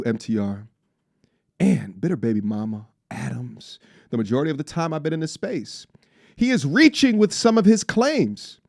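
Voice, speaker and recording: Gravelly, animated man on a live stream. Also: sits high. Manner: playful, teasing, laughs often, jumps between hype and mock-serious. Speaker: live stream host reading super chats. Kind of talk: casual live stream chat. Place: travelling abroad.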